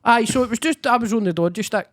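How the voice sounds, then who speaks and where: A man's voice: very high voice, fast, a bit bright, no room sound, clean studio sound. A Scottish man co-hosting a casual podcast, telling a story in an easygoing, laughing way. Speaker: podcast co-host.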